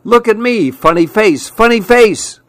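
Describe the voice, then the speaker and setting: Brief: a man doing a little show-off chameleon for a storybook, higher and louder than his own voice, eager for attention. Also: expressive, a little slow, dry recording. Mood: pleading. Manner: eager, attention-seeking calls. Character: small friendly show-off male chameleon.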